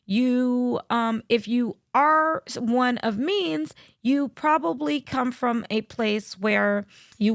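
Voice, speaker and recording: Woman commentator, fairly high voice, blunt and lecturing, dry close sound. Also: no room sound. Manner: blunt, lecturing, addresses viewers directly. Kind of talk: opinion commentary to camera.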